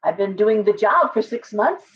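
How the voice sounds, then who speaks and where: A woman's voice: mid-range voice, animated, normal speed. A woman giving a casual live tarot reading, blunt and chatty, full of asides and restarts. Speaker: tarot reader. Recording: distant, dull lo-fi sound.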